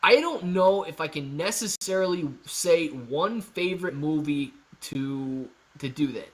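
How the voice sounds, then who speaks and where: A man with a fairly high-pitched voice hosts a relaxed livestream. He reads comments from his viewers out loud and answers each one in an easygoing, joking way. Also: unhurried. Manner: playful and joking. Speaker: livestream host. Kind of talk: casual livestream chat.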